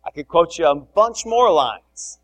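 Animated man preaching a sermon. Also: on the high side, a little slow, rough recording. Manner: animated, swings between loud emphasis and soft asides. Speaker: pastor.

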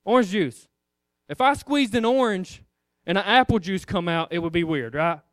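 A man's voice: high-pitched, expressive, normal speed, fairly bright tone, smooth, dry recording, studio quality. A man preaching an informal sermon in a conversational way, firing rhetorical questions at the congregation.

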